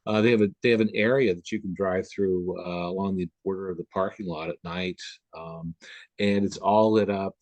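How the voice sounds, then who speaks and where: Rambling low-voiced man on a video call. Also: steady tone, moderate pace, a little mellow, no room sound. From Upper Midwest US. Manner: rambling, many fillers and restarts. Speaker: guest. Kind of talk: casual conversation on a video call.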